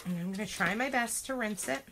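A woman's voice: medium pitch, brisk, background noise. A woman chatting through a home craft demo, chatty and self-deprecating, often exclaiming. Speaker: craft vlogger.

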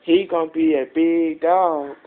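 A woman's voice: low voice, steady tone, measured pace, narrow, tinny audio. A woman talking to her puppy in a casual phone video, cooing and praising in baby talk. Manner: coos and praises in baby talk, sing-song. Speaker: dog owner.

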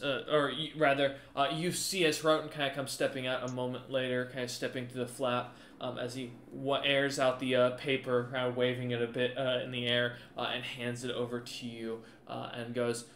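Rambling game master in an echoey room. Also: male voice, medium pitch, little pitch movement, normal speed, hardly any pauses, a bit bright. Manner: rambling narration full of fillers and restarts. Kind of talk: narrating a tabletop game.

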